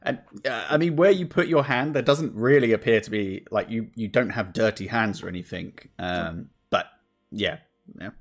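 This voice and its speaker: A man narrating as game master in a relaxed, rambling way with many fillers. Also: on the low side, moderate pace, faint music behind.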